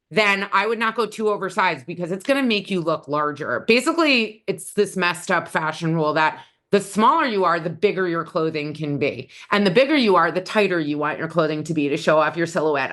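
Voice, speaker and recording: A woman's voice: fairly low pitch, a bit bright. A middle-aged woman stylist giving blunt, opinionated fashion advice in a casual how-to talk.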